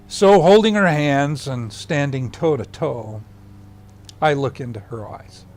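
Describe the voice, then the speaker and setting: An older man tells a personal story in an interview with a mid-range voice. He is animated and acts out other people's lines, then drops to a hushed voice for the tender parts. He is recorded on a close mic, with a faint hum in the room behind him. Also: mid-range voice, takes it slowly.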